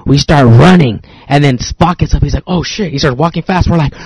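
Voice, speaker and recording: A man's voice: a little high, fairly quick, a little mellow, breathy edge, no echo. A man hosting a podcast, telling rambling stories in casual chat with lots of swearing and acted-out quotes. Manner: rambling storyteller, heavy swearing, acts out quotes. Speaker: podcast host.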